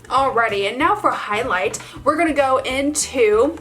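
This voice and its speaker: A woman's voice: sits high, lively intonation, measured pace, music in the background. Chatty, gushing woman beauty vlogger. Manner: chatty and gushing, lots of "like" and laughs. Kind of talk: casual makeup tutorial chat.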